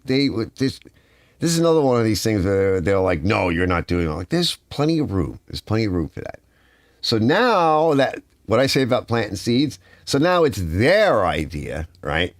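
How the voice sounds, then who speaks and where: An older man hosting a live stream from his garage, chatting casually and telling rambling, animated stories. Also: medium pitch, no echo, studio quality. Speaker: livestream host. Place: home garage.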